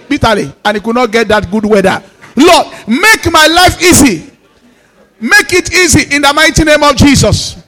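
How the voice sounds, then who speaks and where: A male pastor with a Nigerian Yoruba accent, leading a fervent prayer sermon in repeated commands and switching between English and Yoruba. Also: very high-pitched. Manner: declaring prayers in repeated commands, now and then shouting.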